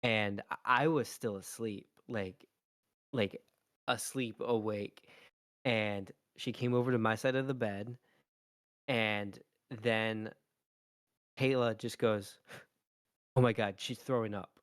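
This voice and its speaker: Low voice dad podcast host, rambly, lots of ums, dry sound. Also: male voice, fairly even intonation, slow, long pauses, fairly bright tone, clean tone, dry recording. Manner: rambling storyteller, many fillers. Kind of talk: casual chat.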